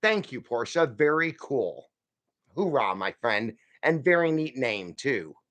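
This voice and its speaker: A man's voice: mid-range voice, big pitch swings, a little slow, a bit bright. A man hosting a casual live stream, rambling and folksy as he reads out viewer comments and answers them. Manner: folksy, calls viewers friend and y'all.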